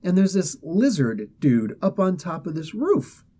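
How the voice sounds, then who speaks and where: A man casually retelling a comic book story, animated and laughing, often slipping into the characters' voices. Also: sits high, measured pace.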